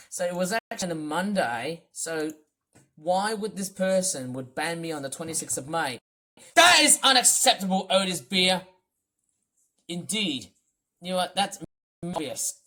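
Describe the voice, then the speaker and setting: A YouTuber ranting and complaining in a vlog, throwing out insults, with a voice strained from yelling. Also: mid-range voice.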